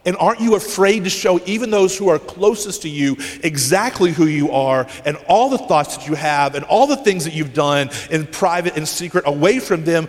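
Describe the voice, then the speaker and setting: A man pastor preaches with intense emphasis in a somewhat high voice, pausing dramatically and dropping to a hush. His sermon rings with a long hall reverb from the church sanctuary. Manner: emphatic and intense, with dramatic pauses and sudden hushes.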